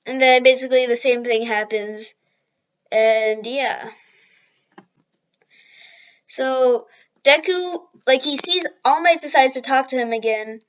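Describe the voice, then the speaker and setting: A woman casually telling an improvised fan story, rambling along with frequent restarts and quick apologies. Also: high-pitched, clear, resonant tone, highs cut off.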